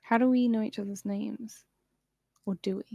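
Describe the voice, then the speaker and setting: A woman's voice: mid-range voice, fairly even intonation, normal speed, vocal fry, warm tone, no room sound, clean studio sound. A woman playing a tabletop game, speaking in a questioning, tentative way. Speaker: player. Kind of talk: casual tabletop play.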